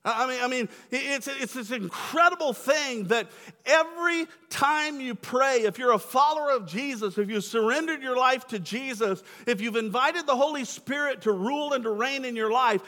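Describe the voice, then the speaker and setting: A man's voice: very high voice, normal speed, bright, forceful tone. A young man preaching a sermon as pastor, enthusiastic and casual with slangy asides. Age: young adult. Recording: echoey hall.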